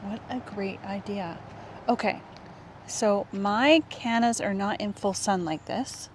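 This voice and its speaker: Woman, gardening vlogger, excitable and wonder-struck, outdoor camera audio with faint background noise. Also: medium pitch, slow. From Canada. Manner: gushing, exclamatory, often drops to a hush. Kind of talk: casual walk-and-talk vlog.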